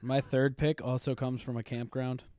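Young man, podcast co-host, smooth voice, dry close sound, rambling casual chat. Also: medium pitch, little pitch movement, normal speed, a little mellow, dry recording. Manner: rambling, laughing storyteller with filler likes.

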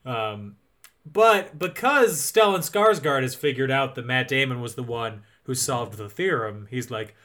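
A man co-hosting a podcast, telling a movie's plot in a jokey, animated way. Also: medium pitch, unhurried. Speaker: podcast co-host. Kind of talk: casual movie recap chat.

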